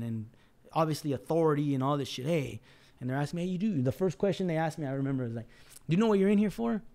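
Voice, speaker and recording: Man, rapid talker, fairly high voice, casual storytelling, swears a lot. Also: darkish tone. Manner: swears often, acts out others' lines. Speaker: podcast guest.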